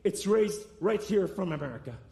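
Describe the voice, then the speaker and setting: A man giving preached testimony to a church, impassioned, swinging between loud and soft. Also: high-pitched, lively intonation, moderate pace, gravelly. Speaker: guest speaker giving testimony. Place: church sanctuary. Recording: echoey room sound.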